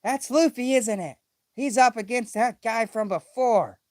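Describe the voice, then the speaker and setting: A small, timid reindeer doctor put on by a man speaks in a high, soft, worried voice. It sits well above the man's usual pitch and is recorded dry and close. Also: measured pace, no echo.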